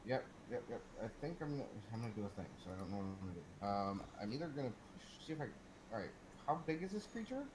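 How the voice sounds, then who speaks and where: A man's voice: medium pitch, big pitch swings, racing, darkish tone, low-quality recording. A man playing a tabletop game, thinking aloud and restarting his sentences. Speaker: player. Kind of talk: casual tabletop play. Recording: clear background hiss.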